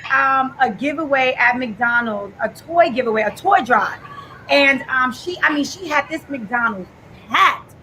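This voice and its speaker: A woman's voice: sits high, lively intonation, measured pace, sharp tone, a little hiss or hum, rough recording. A woman speaking on a live video call, telling a heartfelt story with some fillers. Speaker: guest.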